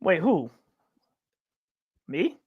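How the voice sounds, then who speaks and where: A man's voice: high voice, sing-song, very slow, breathy edge, no room sound, phone-quality sound. A man from upstate New York hosting a podcast in casual chat, rambling with many restarts and stammered repeats. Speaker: podcast host.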